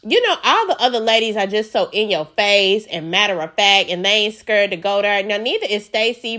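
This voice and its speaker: A woman's voice: mid-range voice, expressive, brisk, hardly any pauses, pushed and bright. A woman giving sassy, outspoken, profane commentary as she recaps a reality show.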